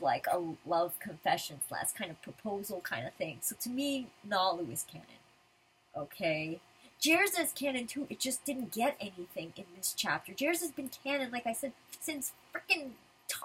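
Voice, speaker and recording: Breathy, chatty woman fan. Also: high-pitched, a bit bright, rough recording. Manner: chatty, filler-heavy fan talk. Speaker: manga reviewer. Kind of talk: casual manga read-through commentary.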